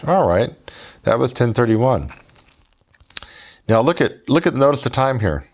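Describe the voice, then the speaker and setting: A man's voice: on the low side, very animated, normal speed, long pauses. A man telling a story to his viewers in a sarcastic, mocking way and speaking directly to them as folks. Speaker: YouTuber.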